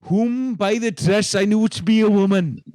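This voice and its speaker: A man's voice: high voice, moderate pace, a little mellow, slight background noise, close to an everyday voice. A man reading out an old account in a put-on Welsh accent, voicing a Victorian male steward who describes finding a body. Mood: mock-dramatic. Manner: mock-earnest reading-aloud voice.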